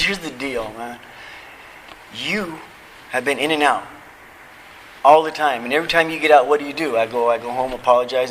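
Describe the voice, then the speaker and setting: Bright-voiced man sharing his recovery story. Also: medium pitch, slight background noise, rough recording. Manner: storytelling, acting out quoted dialogue; casual, chuckles at his own stories. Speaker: recovery convention speaker. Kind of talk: personal recovery testimony.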